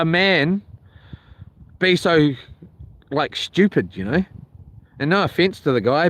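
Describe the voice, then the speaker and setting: A man telling a rambling, colloquial story for his vlog, outdoors by a lake. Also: on the high side. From New Zealand. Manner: rambling, colloquial, mimics others loudly. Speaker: vlogger. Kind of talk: casual storytelling.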